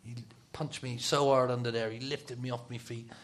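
A man's voice: medium pitch, level tone, normal speed. A middle-aged man telling football stories in a casual talk, laughing often and dropping to a whisper for his inner thoughts. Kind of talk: casual storytelling on a talk show.

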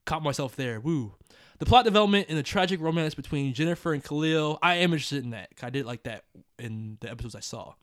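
A man's voice: fairly high pitch, expressive, fast talker, fairly bright tone, dry recording, clean studio sound. A man hosting a casual podcast, reading listener emails aloud with joking asides and frequent laughter.

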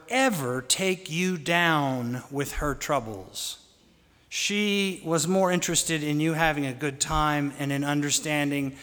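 A man telling fond, gently humorous family stories in a sermon. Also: on the high side. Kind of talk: anecdotal storytelling sermon. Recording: long hall reverb.

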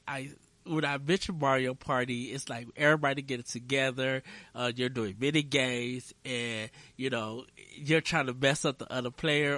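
A man's voice: mid-range voice, fairly bright tone, no echo. A man talking casually and rambling, with many fillers and restarts. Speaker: gaming commentator. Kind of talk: casual monologue.

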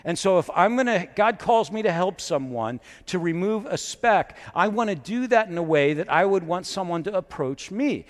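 A man's voice: high-pitched, animated, moderate pace, few pauses. A male pastor delivering a sermon to a live congregation, talking casually with self-deprecating asides, then building to emphatic preaching. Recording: long reverb of a large hall.

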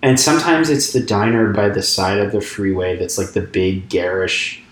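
Low-voiced man in an echoey room. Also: normal speed. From grew up in England. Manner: enthusiastic storyteller, self-deprecating. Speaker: podcast co-host, reporter. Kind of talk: casual chat.

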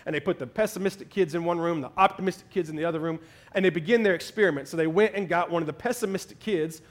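A man's voice: fairly high pitch, fast. A male pastor preaching a sermon, telling a story and building up to emphatic exclamations.

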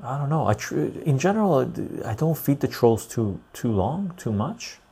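A man's voice: mid-range voice, big pitch swings, moderate pace, vocal fry, dark tone, breathy edge. A man hosting a casual livestream, reading chat aloud and rambling loosely. He sounds tired and laughs easily.

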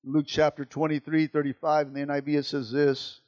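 A man preaching a sermon, moving from quiet, low passages to loud, emphatic repetitions. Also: little pitch movement, brisk.

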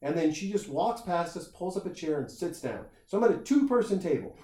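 A man telling a long, animated anecdote in casual chat, acting out the people in it and swearing freely. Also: high-pitched, a little fast. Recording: roomy echo.

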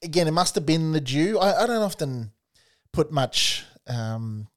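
A man's voice: on the high side, very animated, measured pace. Chatty man searching for words. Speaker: football podcast co-host. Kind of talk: casual chat.

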